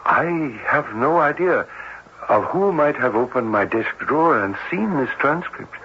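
An actor playing a cautious, formal cardiologist, speaking in a measured, hesitant way in an old-time radio drama. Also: male voice, mid-range voice, lively intonation, husky. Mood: grave. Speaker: doctor. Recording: dull old radio broadcast with faint hiss.

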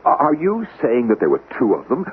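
A jittery, panicky gentleman, played by a man, stammering and rising toward hysteria, his pitch leaping about wildly. It is a classic radio-play performance, heard through a tinny, lo-fi recording with a faint hiss. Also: wildly swooping pitch, brisk. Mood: agitated. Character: nervous, panicky male employer, easily rattled. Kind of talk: old-time radio drama acting.

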